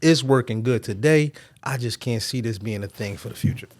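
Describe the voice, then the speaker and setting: Man, Philadelphia accent, barber guest, lively storyteller, acts out voices, mid pitch. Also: brisk. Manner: animated storyteller who acts out quoted voices. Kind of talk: casual storytelling interview.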